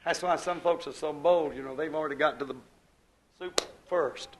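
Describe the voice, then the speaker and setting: A man with a high, ringing voice preaches at a church service. His delivery is folksy and exuberant. It drops to near-whispered asides, then bursts into loud, rising praise. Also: normal speed, poor audio. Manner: exuberant folksy preaching with sudden swings from hushed to shouting. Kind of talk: sermon.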